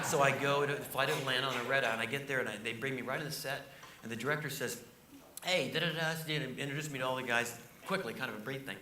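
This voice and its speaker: A male comedian telling stories in a casual interview, animated and jokey. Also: medium pitch, fast. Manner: animated, jokey, acts out voices. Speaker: comedian guest. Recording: roomy, distant mic, noisy.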